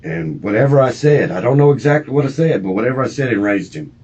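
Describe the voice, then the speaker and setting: A man's voice: medium pitch, animated, quick pace, darkish tone, breathy edge. A distraught middle-aged man, rambling and swearing through a police interview. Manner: rambling, profane, agitated. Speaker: murder suspect being interviewed. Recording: muffled lo-fi interview recording.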